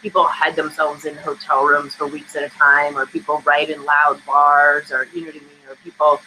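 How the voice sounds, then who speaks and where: A woman's voice: low-pitched, flat delivery, moderate pace, bright, forceful tone, slight background noise, low-quality recording. A woman screenwriter answering interview questions over a video call, talking candidly in a chatty, storytelling way. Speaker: screenwriter guest.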